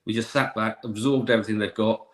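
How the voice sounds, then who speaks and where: A man's voice: fairly low pitch, steady tone, fast talker. A man talking bluntly and with exasperation about football on a casual podcast. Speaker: podcast guest. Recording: echoey room, faint noise.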